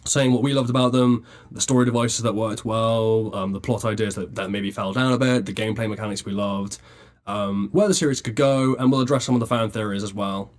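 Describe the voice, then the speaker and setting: Giggly podcast co-host. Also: male voice, lowish voice, fairly even intonation, fairly quick. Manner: laughs often, rambling with many fillers. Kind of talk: casual chat.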